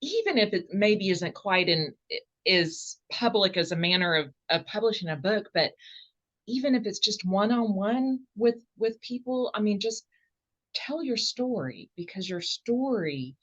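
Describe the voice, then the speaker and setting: A woman's voice: mid-range voice, expressive, unhurried, highs cut off. A woman with a Southern accent speaking earnestly as a podcast guest, often stopping and restarting her phrases. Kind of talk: casual interview answers.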